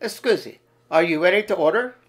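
Theatrical Italian waiter, a man doing the voice, high and loud, put-on Italian accent, sing-song. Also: expressive, brisk, music in the background. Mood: effusive.

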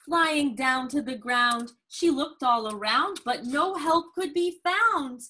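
A woman reads a picture book aloud to a young child, in a high, bright voice. She reads very slowly and with lots of expression, gasping and asking questions to draw the child in. It sounds like a patient storybook session. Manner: slow, expressive, with gasps and prompting questions.

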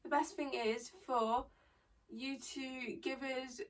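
A high-pitched woman hosts a casual home vlog, rambling with plenty of "like" fillers and easy giggles. She sits a bit back from the microphone, so her voice sounds distant in a bedroom. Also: steady tone, slow pace. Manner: chatty, lots of "like" fillers, giggly. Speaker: vlogger host. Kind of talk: casual chat.

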